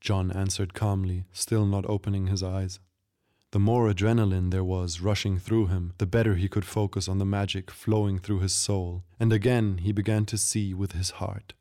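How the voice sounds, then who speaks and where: A man narrating a story in a measured, steady storytelling delivery. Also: low-pitched. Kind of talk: scripted narration.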